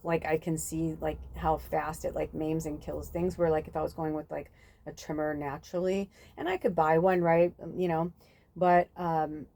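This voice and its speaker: Woman rambling on her spiritual podcast, lots of um and like, lowish mellow voice. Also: flat delivery, normal speed, creaky. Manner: rambling, full of fillers, swears freely. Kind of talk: casual rambling monologue.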